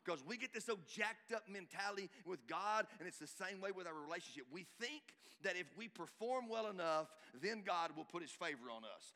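A middle-aged male pastor, preaching a sermon emphatically, swinging from loud exhortation to hushed asides. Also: high-pitched, expressive, a little fast, few pauses. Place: church hall. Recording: reverberant church hall.

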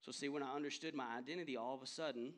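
A man's voice: mid-range voice, fairly even intonation, very fast. A man in his thirties, a pastor, preaching a sermon with impassioned emphasis that builds to strong peaks. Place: church sanctuary.

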